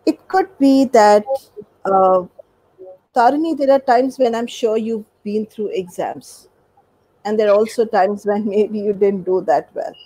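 A woman's voice: medium pitch, a little slow, dark tone, rough recording. A woman, a doctor and guest expert, explaining in a conversational way and acting out everyday examples. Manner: explanatory, acts out examples with quoted voices.

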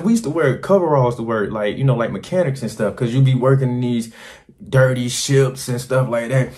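A man vlogging to camera, telling crude, rambling stories in an animated, casual way. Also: medium pitch, a little fast. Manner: animated, crude and rambling, slipping into quoted voices. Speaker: travel vlogger.

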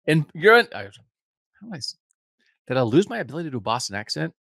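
A man's voice: a little high, big pitch swings, fast, pauses often, dry recording, clean studio sound. A man in his fifties, a podcast host giving a casual, rambling, self-deprecating update from home. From United States. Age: 50s.

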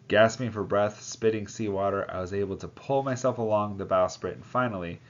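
Man reading a novel aloud, low voice, voices the characters, dull lo-fi sound. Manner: voices the characters, breaks off to comment.

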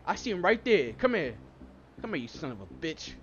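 A man's voice: a little high, sing-song, fairly quick, a bit bright, muffled recording, slight background noise. A young man commentating his own game play, trash-talking the characters with constant swearing. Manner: profane trash talk at the game. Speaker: gaming YouTuber.

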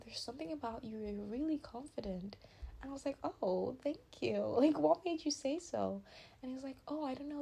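Young woman host, casual advice chat, chatty and upbeat, gravelly fry, faint hiss behind. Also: fairly high pitch, mellow. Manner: chatty, upbeat, says "like" often, acts out quoted dialogue. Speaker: podcast host.

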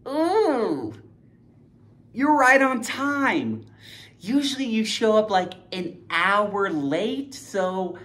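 A woman's voice: a little high, fairly bright tone, full character voice. A woman acting out a sarcastic hostess greeting a friend who is usually late, with mock surprise and teasing.

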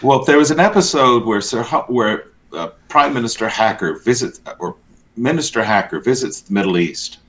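A man's voice: mid-range voice, animated, moderate pace, fairly bright tone. A man co-hosting a church news show, giving blunt, sardonic commentary in casual banter.

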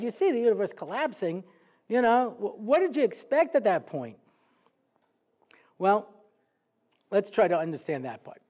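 A man giving a humorous sermon lecture as a rabbi, telling stories and acting out the quotes with jokey asides. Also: very high voice. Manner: animated storytelling, acts out quotes, jokey asides.

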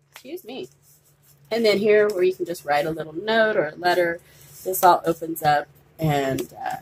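A woman's voice: fairly low pitch, slight background noise, rough recording. A woman presenting a handmade paper journal in a casual show-and-tell, chatty and gushing, with some fillers. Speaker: craft vlogger.

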